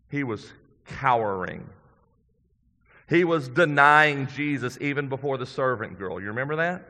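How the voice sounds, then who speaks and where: In a church, a male pastor delivers a sermon in an earnest, conversational way, swelling to emphatic points and then sinking to quiet ones. His voice sits in the mid-range, and long hall reverb trails after it.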